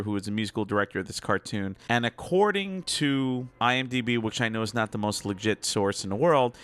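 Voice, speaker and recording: A man's voice: lowish voice, a bit bright, smooth. A man with a New Jersey accent, a guest giving casual commentary on cartoon music and playfully switching into a put-on Southern drawl. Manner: playful, jumps between a put-on Southern drawl and his own speech.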